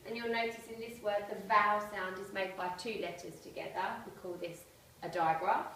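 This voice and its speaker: Teacher in an echoey room. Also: female voice, medium pitch, sharp tone, recorded from a distance, a little hiss or hum. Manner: clear, explanatory, spells out letters slowly. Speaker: primary school teacher. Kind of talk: presentation to parents.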